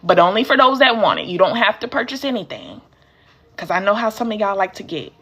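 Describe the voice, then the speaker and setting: A woman's voice: mid-range voice, very animated, a little fast, sharp tone, breathy edge. Chatty woman coaching on a live stream. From United States. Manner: chatty, talks straight to viewers and answers their comments. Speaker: courier business coach. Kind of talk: casual live-stream teaching. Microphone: phone live stream.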